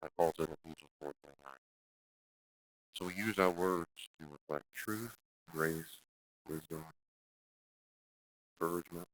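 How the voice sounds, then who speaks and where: Deep-voiced male pastor teaching a class. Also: a little slow, pauses often, dry recording, low-quality recording. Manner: lively, acts out quoted speech in exaggerated voices; direct, conversational, with frequent restarts.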